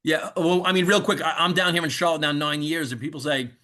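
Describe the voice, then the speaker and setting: A man in his fifties with a New York accent, giving a rambling, enthusiastic motivational pitch over a video call. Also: fairly even intonation, a little fast, pushed and bright. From New York, USA. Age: 50s. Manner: rambling, self-correcting, enthusiastic. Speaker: presenter of a savings club webinar.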